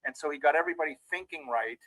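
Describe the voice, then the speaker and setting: A man's voice: fairly high pitch, rapid-fire, sharp tone, no room sound, rough recording. A man giving a motivational training talk as a mindset trainer, telling a story and speaking directly to his listeners.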